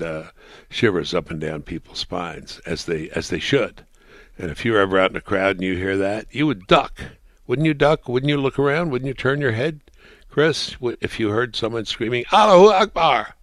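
A man hosting a political talk radio show in a very low, dry voice. He talks in halting bursts, circling back with fillers and restarts. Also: fairly bright tone, dry recording.

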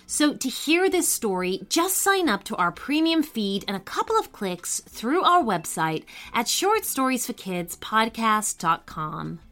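A woman hosting a children's story podcast, narrating a storybook with an expressive reading to kids. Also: fairly high pitch, measured pace, few pauses. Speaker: storyteller host.

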